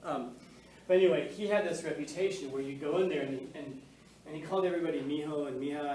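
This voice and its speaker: A man's voice: on the high side, fast talker, a little mellow. A male teacher giving a casual, joking classroom lecture, full of fillers and questions to the class. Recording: echoey classroom, mic far off, faint noise.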